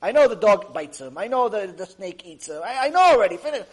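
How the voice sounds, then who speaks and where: Animated high-voiced male rabbi lecturing. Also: quick pace, few pauses, slight background noise, poor audio. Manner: animated, repetitive, acts out the people in his stories. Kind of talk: Torah lecture storytelling.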